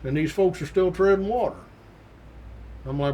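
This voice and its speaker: Male host, a touch high-pitched, spinning a folksy yarn with acted-out quotes. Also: moderate pace, pauses often, a little mellow. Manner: folksy and colloquial, with mild swearing; acts out the quoted voices of others. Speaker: host recounting his academy days. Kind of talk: casual spoken storytelling.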